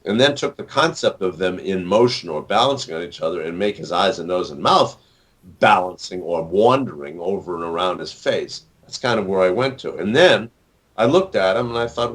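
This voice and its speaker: A man's voice: low voice, lively intonation, moderate pace. An older man in his sixties, an author being interviewed, talking in a rambling way with many fillers and restarts. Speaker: author and actor, interview guest. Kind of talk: casual interview talk.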